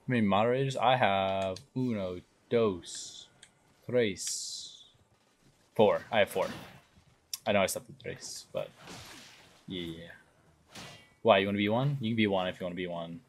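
A young man streaming a game live, chatting along casually and breaking into loud excited exclamations. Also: sits low, brisk, pauses often, slight background noise. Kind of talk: live gameplay commentary.

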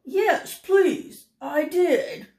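A woman's voice: extremely high pitch, drawn-out words, a little mellow, pitched above the performer's own voice, heavily acted. An older woman voicing an earnest, friendly male bear building his own house in a storybook, sounding eager and pleading. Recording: roomy echo.

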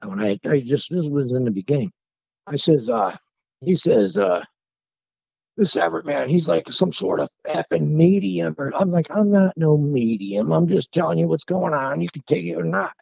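A man tells his story in a loose, animated, conversational way. His voice has a gravelly rasp. The sound is dull and lo-fi, and the recording is close and dry. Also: on the high side, normal speed, dry recording. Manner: animated, conversational, working-class phrasing. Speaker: guest telling his encounter. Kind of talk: casual storytelling to a host. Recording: dull lo-fi call audio.

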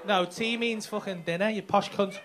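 A man's voice: high voice, steady tone, normal speed, very noisy. A man doing stand-up crowd work, teasing and mocking the audience with lots of swearing. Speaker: stand-up comedian. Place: comedy club stage. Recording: live club with audience laughter.

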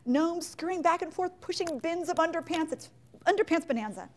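A woman giving a live business talk to an audience in an animated, joking way, firing questions at the listeners. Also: extremely high pitch, fairly quick. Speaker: leadership speaker.

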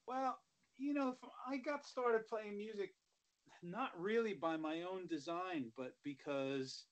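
Man telling stories, slightly high voice. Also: slow, poor audio. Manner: relaxed, rambling, many "you know" asides. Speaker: guest musician. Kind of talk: casual interview storytelling.

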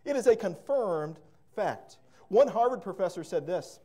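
A man's voice: sits high, expressive, unhurried, dark tone, husky. A man preaching a sermon as pastor, fervent and emphatic, repeating words and breaking into storytelling asides.

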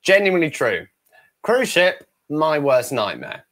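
English man, 20s, higher voice, animated storyteller, interview guest. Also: measured pace. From England. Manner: animated storyteller who acts out quotes. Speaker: ventriloquist guest.

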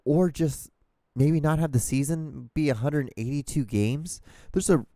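A man's voice: fairly high pitch, unhurried, mellow, no room sound, studio quality. A man hosting his own podcast, ranting casually and profanely into a microphone with an exasperated tone. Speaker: podcast host. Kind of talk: casual solo rambling rant. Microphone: studio microphone, talking to camera.

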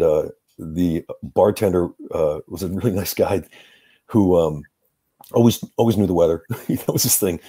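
A middle-aged man, a guest actor, telling lively anecdotes in a casual interview and laughing between lines. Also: low voice, breathy edge, no echo.

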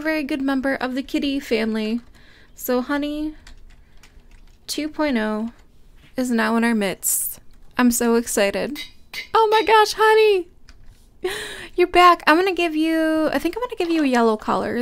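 A young woman hosting a casual gameplay commentary, gushing and excitable, often squealing with delight. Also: sits high. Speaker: Minecraft let's play host.

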